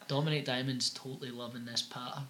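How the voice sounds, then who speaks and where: Bright-voiced Scottish man telling crude stories. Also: medium pitch, flat delivery, fast talker, slight background noise. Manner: rambling, anecdotal, crude, swears freely. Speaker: podcast co-host. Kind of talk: casual comedic chat.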